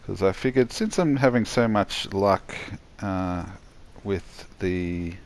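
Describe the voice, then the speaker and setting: A tired man giving a rambling, halting voice-over commentary on his own gameplay, yawning as he goes. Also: low-pitched, darkish tone, a little hiss or hum. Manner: rambling, halting, many restarts and fillers.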